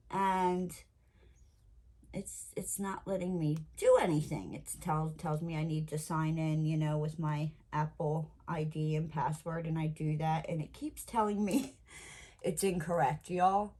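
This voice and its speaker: A woman vlogger telling a story in casual chat, animated and swearing freely. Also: lowish voice, slow pace. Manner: animated, swears freely, quotes herself loudly. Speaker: crafting vlogger.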